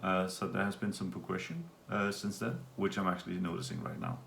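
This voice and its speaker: A man's voice: deep voice, fairly quick, creaky, roomy sound, slight background noise. A man from Denmark giving a casual, rambling video update to his viewers. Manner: relaxed, rambling, with fillers. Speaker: vlogger.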